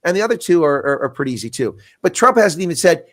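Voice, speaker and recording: A man's voice: high-pitched, lively intonation, fairly bright tone, dry recording, clean studio sound. A man, a retired colonel and intelligence analyst, making blunt, emphatic arguments in a frank political discussion over a video call. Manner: blunt, emphatic, rapid-fire arguing.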